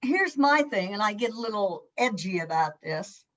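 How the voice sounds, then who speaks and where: A woman's voice: mid-range voice, expressive, moderate pace, fairly bright tone, dull audio. A woman co-hosting a spirituality talk show, blunt and fiery, swearing freely in casual chat.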